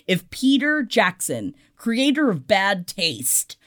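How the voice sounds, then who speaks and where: A foul-mouthed woman co-hosts a gossip podcast at an ordinary mid pitch. She talks in a chatty, casual way. Her voice jumps from loud bursts to quiet asides. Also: big pitch swings, takes it slowly. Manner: chatty and profane, swings between loud and soft. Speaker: podcast co-host. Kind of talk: casual pop-culture chat.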